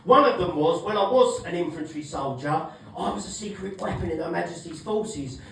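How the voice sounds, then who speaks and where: Brash sweary comedian, echoey club. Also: male voice, sits high, animated, moderate pace, creaky, recorded from a distance. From England. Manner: brash, sweary, shouting punchlines. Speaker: stand-up comedian. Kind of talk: stand-up set.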